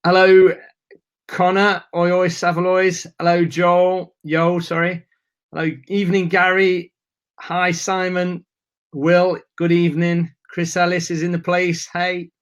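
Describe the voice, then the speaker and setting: A man's voice: sits high, completely flat delivery, measured pace, fairly bright tone, smooth. A man hosting a live webinar, chatting casually and greeting viewers by name, a bit nervous. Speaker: webinar host.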